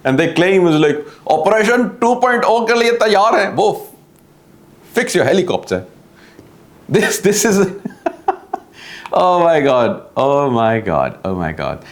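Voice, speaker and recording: Young Pakistani male host, Pakistani English accent, mocking comedic news delivery with constant chuckles, slightly high voice, echoey room. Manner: mocking, laughs through his own jokes. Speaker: host of a satirical news show. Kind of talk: satirical news comedy monologue.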